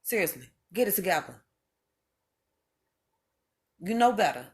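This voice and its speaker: A woman's voice: a little high, normal speed, fairly bright tone. A mother speaking straight to her viewers in an impassioned monologue, emphatic and preachy, hammering home each point by repeating it.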